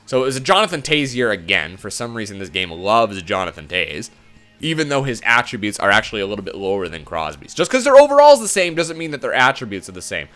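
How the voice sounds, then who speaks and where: A man's voice: on the low side, sing-song, quick pace, sharp tone, soft background music. A young man giving frustrated, swearing commentary while he plays a hockey game. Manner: exasperated, swearing, ranting. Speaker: gaming video host.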